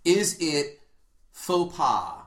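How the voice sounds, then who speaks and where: A man's voice: on the high side, very animated, very slow, echoey room. A man in crude casual chat as a podcast co-host, blunt and joking, swearing freely.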